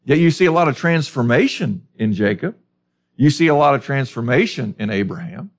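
Lively, emphatic male preacher. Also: mid-range voice, fairly quick. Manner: lively, emphatic Bible teaching with rhetorical questions. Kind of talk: sermon.

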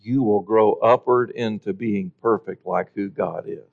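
A man preaching a sermon in an earnest, emphatic way, slowing down to stress key words. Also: on the low side, vocal fry, narrow, tinny audio.

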